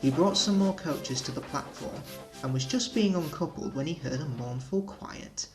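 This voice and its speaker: A man narrating a children's railway storybook with gentle, expressive storytelling. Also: on the high side, normal speed, faint music behind, low-quality recording.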